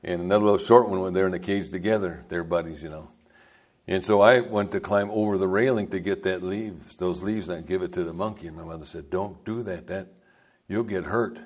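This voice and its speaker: A man's voice: sits low, quick pace, darkish tone. An older man, a pastor, telling rambling folksy stories in a sermon and chuckling as he goes. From United States.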